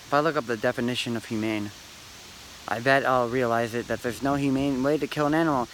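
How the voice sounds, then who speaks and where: A man's voice: mid-range voice, fairly even intonation, fairly bright tone, a little hiss or hum, low-quality recording. Rambling, musing man talking to camera. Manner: meandering, philosophizing, long pauses, fills with "man" and "dude". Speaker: vlogger.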